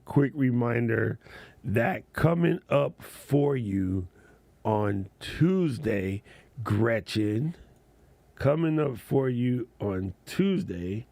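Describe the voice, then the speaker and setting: A man's voice: medium pitch, creaky, darkish tone, dry recording. A man hosting a casual livestream chat as a content creator, laid-back and slangy, laughing often.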